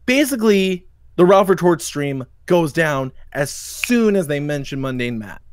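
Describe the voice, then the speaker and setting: A male livestream host rants at a fast clip, swearing freely. His voice sits high for a man. The sound is dry and close. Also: expressive, clean tone, no room sound. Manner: profane, ranting, quotes people in mocking voices. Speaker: podcast host. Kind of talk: heated livestream commentary.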